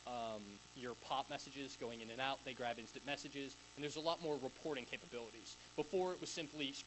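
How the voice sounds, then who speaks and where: A man's voice: mid-range voice, background noise. A young man giving a casual, rambling talk at a tech conference in front of a live audience, with many fillers and restarts. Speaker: conference speaker.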